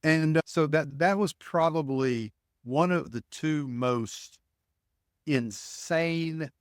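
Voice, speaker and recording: A man's voice: on the high side, slow, smooth, dry recording, clean studio sound. A middle-aged man from Alabama, a podcast guest telling anecdotes with lots of restarts and acted-out dialogue. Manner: animated storyteller, acts out dialogue, frequent restarts. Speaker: guest, ticket broker. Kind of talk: storytelling in a podcast interview.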